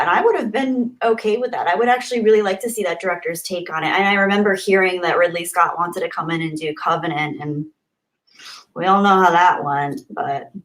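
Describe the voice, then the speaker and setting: A woman's voice: medium pitch, poor audio. A young woman chats on her livestream, answering viewer comments one after another. She talks in a gushing, heartfelt way, with plenty of fillers and restarts. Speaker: livestream host. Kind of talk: casual livestream chat reading comments.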